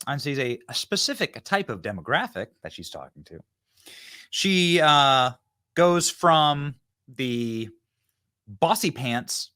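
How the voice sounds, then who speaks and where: A man's voice: fairly high pitch, fairly bright tone. Sarcastic man hosting a political show. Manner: mocking, sarcastic, with frequent fillers. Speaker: host of a political commentary show.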